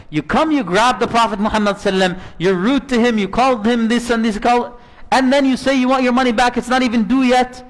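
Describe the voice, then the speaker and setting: A man preaching a sermon, telling a story in an animated, conversational way. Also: very high voice, fairly quick.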